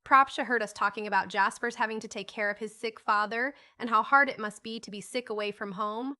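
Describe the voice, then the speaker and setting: A woman's voice: a little high, a little fast, pushed and bright. A woman voicing a kind, busy older sister who coaxes her siblings in a motherly, sometimes flustered way in a storybook reading. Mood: coaxing.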